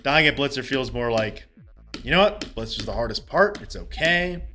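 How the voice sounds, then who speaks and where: A man streaming a game and chatting with his viewers in a loose, excitable way. He laughs a lot and swears casually. His voice is bright and sits at a mid pitch, with faint game music playing underneath. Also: normal speed. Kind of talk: casual live-stream chat while gaming.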